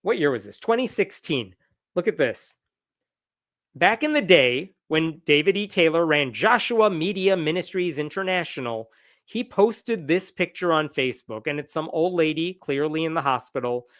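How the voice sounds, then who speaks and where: Brief: high-voiced male host, sarcastic and incredulous, live news commentary. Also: lively intonation, normal speed, fairly bright tone.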